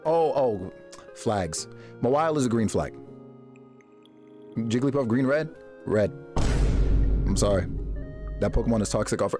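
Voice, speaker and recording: A man streaming live, chatting casually with his viewers and reacting to them in a jokey, animated way. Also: measured pace, long pauses, music in the background. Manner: animated, jokey, reacting to chat with big pitch jumps and laughs.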